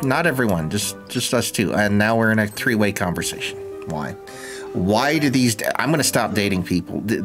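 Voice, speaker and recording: A man's voice: mid-range voice, a bit bright. A young man streaming a life-sim game, with casual, sarcastic, jokey commentary and frequent swearing.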